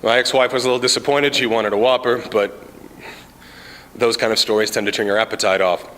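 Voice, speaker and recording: A man tells comic stories in a casual, deadpan way, stumbling over "uh" fillers. His voice is bright and forceful at a middling pitch. The sound carries a long reverb from an indoor common area. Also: brisk, slight background noise. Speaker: amateur stand-up comic, Army sergeant. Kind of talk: stand-up comedy storytelling.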